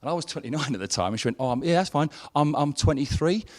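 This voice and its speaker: A man's voice: on the high side, expressive, quick pace, long reverb tail. A man in his thirties speaks at a wedding reception as the groom. He talks informally and swears now and then. He restarts his sentences often and sounds emotional. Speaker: groom giving a wedding speech. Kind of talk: wedding speech.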